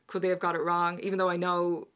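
Halting Irish woman, flat low voice. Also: clean tone. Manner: halting, with many fillers and restarts. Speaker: guest. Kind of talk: emotional interview conversation.

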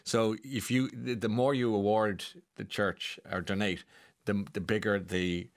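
A man's voice: on the low side, flat delivery, measured pace. A man hosting a radio show, chatting in a rambling way with many restarts and chuckles. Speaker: radio host. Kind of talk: casual chat.

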